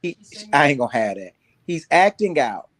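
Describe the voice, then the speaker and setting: A man's voice: a little high, big pitch swings, moderate pace, a bit bright, no echo. A man in a casual talk-show debate, pushing his point with teasing questions.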